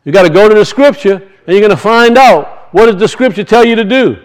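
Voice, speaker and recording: A man's voice: high voice, expressive, fairly quick, low-quality recording. A man preaching a sermon, teaching from scripture and emphatically asking and answering his own questions.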